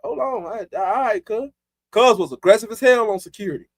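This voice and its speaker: High-voiced man, slangy streamer. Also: a little fast, no echo, studio quality. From Chicago. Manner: loose, profane street slang, laughs often. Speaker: livestream host. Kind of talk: casual live-stream chat.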